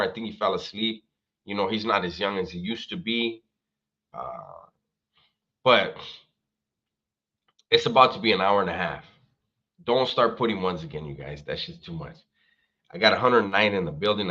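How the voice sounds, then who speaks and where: Bright-voiced man chatting on a livestream. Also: fairly low pitch, dull audio. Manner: slangy, swears a lot, talks straight to viewers. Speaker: livestream host. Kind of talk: casual livestream chat.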